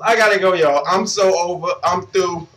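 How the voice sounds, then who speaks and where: A woman's voice: on the low side, moderate pace. Woman laughing through a roomy video rant. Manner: talks through constant fits of laughter. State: laughing to tears. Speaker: vlogger. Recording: echoey room.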